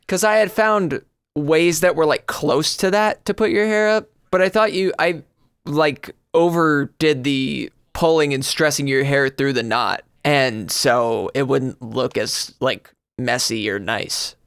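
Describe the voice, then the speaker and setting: A man's voice: a little high, a bit bright, smooth, dry recording, studio quality. A man co-hosting a podcast, chatting casually and rambling through stories with many restarts. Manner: rambling, self-correcting storyteller. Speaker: podcast co-host. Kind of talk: casual chat.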